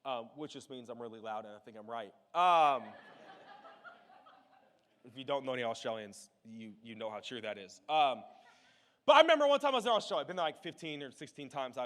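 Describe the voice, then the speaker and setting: Animated male pastor in a reverberant hall. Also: medium pitch. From United States. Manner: animated storytelling, rising loud for emphasis. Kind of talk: sermon. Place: church sanctuary. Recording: long hall reverb with faint music.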